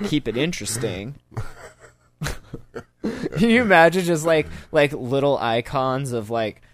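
A man's voice: medium pitch, animated, measured pace, a little hiss or hum. A man hosting a podcast in casual chat, joking, swearing freely and laughing often. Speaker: podcast host.

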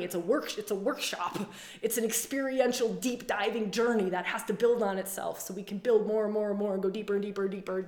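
A woman speaking as a spiritual coach and podcast host, earnest and flowing. She circles back on her phrases and breaks into laughs now and then. Her voice sits mid-range with a noticeable echo from the room. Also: mid-range voice. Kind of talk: intimate spiritual talk. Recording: roomy echo.

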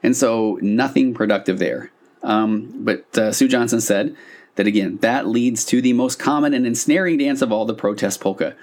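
A man's voice: on the low side, a little mellow. A man who works as a couples therapist, explaining a therapy concept to listeners in a loose conversational way, with fillers and restarts.

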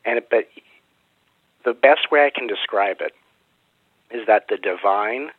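A man's voice: fairly low pitch, unhurried, slightly rough, no room sound. A man answering interview questions in earnest, flowing explanations about spiritual matters. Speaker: spiritual teacher and guest. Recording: tinny phone-like line.

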